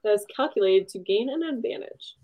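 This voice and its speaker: A young woman co-hosting a book podcast, chatty and laughing, with quick reactions. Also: mid-range voice, expressive, dark tone. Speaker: podcast co-host. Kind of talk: casual chat.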